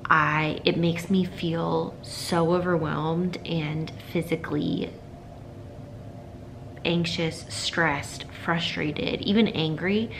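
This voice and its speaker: A woman in her thirties chats casually to the camera for her vlog, in a fairly low voice. At times she talks hushed and soft while her baby naps. Steady background noise sits under the recording. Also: slow, creaky. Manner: chatty, upbeat and animated on the go. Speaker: vlogger, mother. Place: car, with a baby in the back seat. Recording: noisy background.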